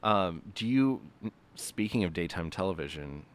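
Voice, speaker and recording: Low-voiced man, wry podcast co-host. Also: animated, moderate pace, clear, resonant tone. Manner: wry, laughing banter. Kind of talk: casual chat.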